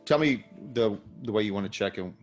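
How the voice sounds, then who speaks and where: Low-voiced male game master. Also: a little fast, faint music behind. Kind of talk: narrating a tabletop game.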